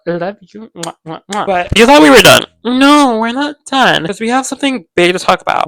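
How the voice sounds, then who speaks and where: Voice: medium pitch, vocal fry, no room sound, low-quality recording. Gushing young podcast host, dry sound. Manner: gushing, excitable, heavy filler use. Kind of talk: casual show recap to viewers.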